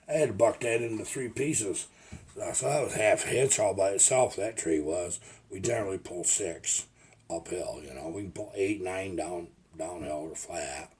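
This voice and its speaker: An older man who went from logging to making videos tells rambling, folksy stories in a casual vlog, often restarting his sentences. His voice is low-pitched, husky and darkish, at a moderate pace.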